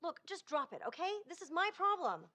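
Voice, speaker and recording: A woman's voice: extremely high pitch, sing-song, fairly quick, pushed and bright, heavily acted. An actress playing a young wife who evasively defends herself about her debt. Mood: defensive. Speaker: sitcom wife.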